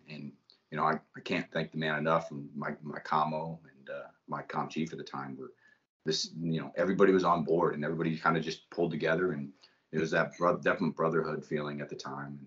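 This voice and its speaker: A man in his thirties, a Marine father and podcast guest, telling a personal story in a halting, emotional way with many restarts. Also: extremely low pitch, fairly bright tone, lo-fi sound.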